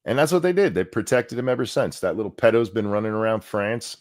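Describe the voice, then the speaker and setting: A man's voice: fairly low pitch, fast, a little mellow. A middle-aged man co-hosting a casual podcast chat, ranting with strong opinions. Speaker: co-host.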